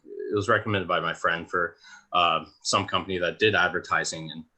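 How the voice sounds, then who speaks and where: A young man who founded a supplement company, talking in a hesitant, halting way with many restarts in a casual roundtable chat. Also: deep voice, fairly even intonation, bright, forceful tone.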